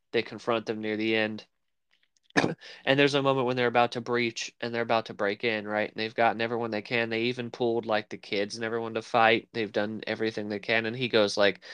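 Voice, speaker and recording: A man's voice: on the low side, a bit bright, smooth, no echo. A man co-hosting a casual film podcast, rambling and searching for words as he talks. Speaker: podcast co-host. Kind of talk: casual chat about film.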